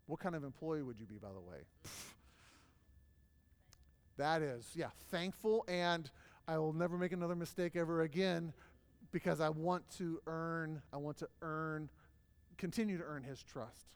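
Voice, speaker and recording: A man talking through a live class, his voice smooth and resonant as it rings through a reverberant hall. He leads with loose, chatty storytelling full of ums and uhs, pitched a little high for a man. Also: normal speed, long pauses. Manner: casual storytelling with many fillers. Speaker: workshop presenter. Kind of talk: live class talk to an audience.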